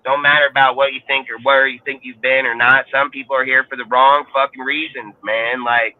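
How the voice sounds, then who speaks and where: A man in his thirties rants and curses his way through a sports podcast, heated and rambling. His voice sits at an ordinary pitch and comes through a thin, phone-like line that cuts off the lows and highs. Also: flat delivery, a little fast. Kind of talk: ranting casual talk. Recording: tinny phone-like sound.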